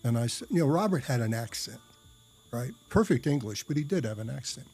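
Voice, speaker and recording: A man's voice: medium pitch, expressive, a little fast, a little mellow, soft background music. A man telling a personal story in a casual, rambling way, with many fillers and restarts and blunt, salty language. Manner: blunt, profane.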